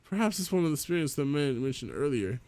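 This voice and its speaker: A man voicing a shy, bookish young woman from a game, speaking in a soft, formal and proper way. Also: fairly high pitch, sing-song, fast talker, clear, resonant tone, voice pushed up. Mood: calm.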